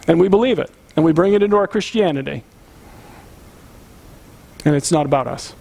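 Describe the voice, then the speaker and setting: A man's voice: on the high side, brisk, vocal fry, pauses often, a little mellow. A man. He preaches with earnest emphasis and keeps turning to the congregation with direct questions. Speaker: pastor. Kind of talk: conversational sermon.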